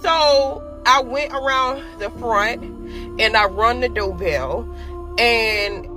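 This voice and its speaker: A woman with a bright, sharp voice sits a little high in her range as she talks her audience through a story. She keeps it casual and animated and speaks right to the people watching. Faint music plays underneath. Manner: animated, talks straight to viewers.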